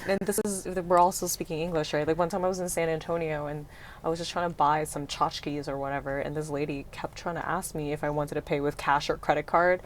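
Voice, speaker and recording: A woman with a somewhat low voice hosts a relaxed panel chat. She talks in a chatty storytelling way and asks the guests questions. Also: a little hiss or hum. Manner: chatty storytelling, quick laughs. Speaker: host.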